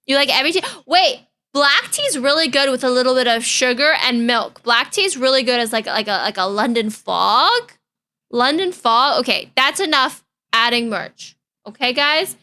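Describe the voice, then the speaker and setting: A woman's voice: high-pitched, measured pace, sharp tone. A young woman streaming live, chatting casually in a bubbly, giggly, easily distracted way.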